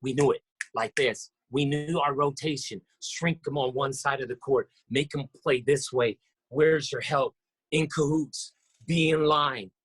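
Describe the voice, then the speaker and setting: A man, a basketball coach, telling stories in a casual interview, animated and acting out what others said with sudden jumps in pitch. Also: a little slow, husky. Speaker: podcast guest, basketball coach.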